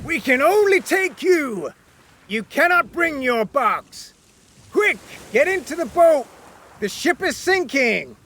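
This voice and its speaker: A man voicing a stern ship captain who shouts loud, urgent orders during a storm at sea. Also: very high voice, very animated, takes it slowly, slight background noise, voice pushed up, full character voice. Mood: urgent shouting.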